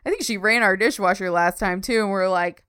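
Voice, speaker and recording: Giggly woman in smooth podcast chat. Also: fairly quick, no room sound, studio quality. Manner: giggly, chatty, squeals high when excited. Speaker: podcast co-host. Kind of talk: casual chat.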